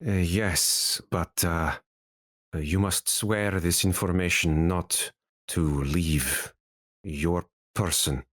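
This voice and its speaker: A man's voice: deep voice, fairly even intonation, slow, fairly bright tone, no room sound, studio quality, voice pushed down, full character voice. A man voicing a wounded older male sage who speaks in a scratchy, solemn, formal way. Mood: grave.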